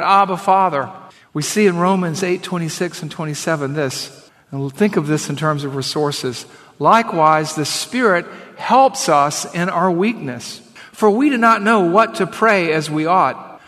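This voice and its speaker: A man preaching a sermon as pastor, emphatic, slowing down to read scripture aloud. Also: fairly high pitch, a bit bright, in a large hall.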